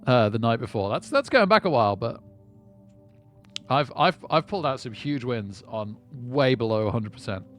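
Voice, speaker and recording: A man's voice: mid-range voice, lively intonation, normal speed, fairly bright tone, soft background music. A man chatting casually to viewers on a live poker stream. He rambles and often repeats words as he starts a sentence. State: lightheaded.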